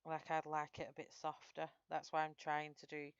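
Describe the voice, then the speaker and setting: A woman's voice: low-pitched, completely flat delivery, normal speed, smooth, dry recording, lo-fi sound. A woman with a Northern English accent, chatting through a live colouring tutorial and answering viewers' comments as she works. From Northern England. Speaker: streamer.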